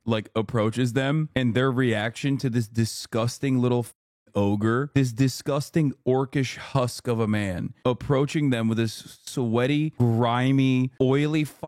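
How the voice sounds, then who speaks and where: A man's voice: medium pitch, fairly even intonation, unhurried, a little mellow, no room sound, studio quality. A man reacting to a video on stream, swearing, mocking and mimicking the people he watches. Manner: profane, mocking, mimics voices. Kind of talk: reaction commentary.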